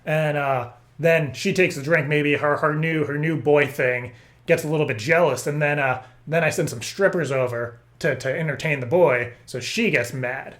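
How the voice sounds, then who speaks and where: A man making a prank phone call, rambling and stammering through deadpan absurd stories. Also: on the high side, normal speed. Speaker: prank caller.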